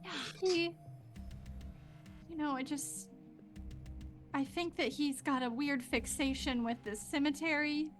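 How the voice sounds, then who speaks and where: A woman's voice: high voice, measured pace, pauses often, faint music behind, pitched above the performer's own voice. Woman doing a fretful tearful mother. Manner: fretful, rambling, apologetic. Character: anxious tearful mother of a teen girl.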